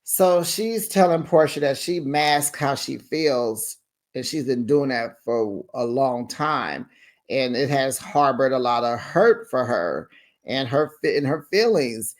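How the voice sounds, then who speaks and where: A man hosting a reality TV recap in a sassy, animated gossip style, calling people baby and honey. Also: medium pitch, takes it slowly. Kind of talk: casual recap commentary.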